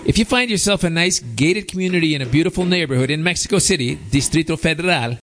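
A man's voice: a little high, expressive, fast talker, fairly bright tone, slight background noise. A man hosting his own show, talking in a sarcastic, rambling, opinionated monologue. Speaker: show host.

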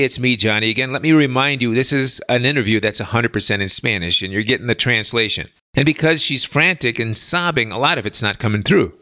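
A male talk show host relaying a translated interview in an animated, indignant retelling. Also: mid-range voice, dry recording.

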